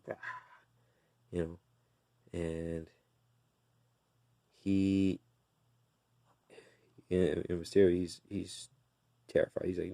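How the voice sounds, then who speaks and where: A man with a very low, gravelly voice casually recaps a comic book issue. He talks slowly in a flat, even tone, with plenty of fillers and restarts. The sound is dry and close. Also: no echo. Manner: slow, relaxed retelling with fillers and restarts.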